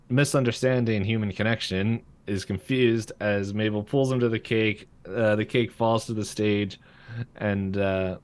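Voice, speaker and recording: A man co-hosting a podcast, casually recapping a cartoon episode with lots of fillers and laughter. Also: fairly low pitch. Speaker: podcast co-host. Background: passing freight train.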